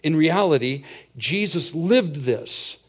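A middle-aged man preaching a sermon as a pastor, telling stories and swinging from hushed asides to loud, emphatic points. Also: fairly high pitch, lively intonation, slow pace.

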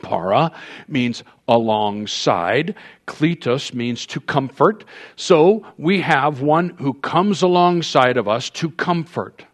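A man preaching a sermon as a pastor, telling a story and explaining scripture in an animated way. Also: medium pitch, slow pace. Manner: storytelling, animated with quoted voices.

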